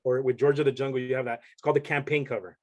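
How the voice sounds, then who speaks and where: A man's voice: mid-range voice, steady tone, very fast. A young man, a podcast guest, telling a story in casual chat and rambling with many restarts.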